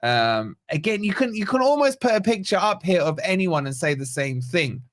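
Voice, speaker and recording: A man with a fairly high voice hosts a football reaction stream. He sounds exasperated and sarcastic, rambling through ratings. The sound is dry and close, with no room around it. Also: big pitch swings, moderate pace, a bit bright, no room sound. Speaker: fan channel host. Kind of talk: post-match reaction livestream.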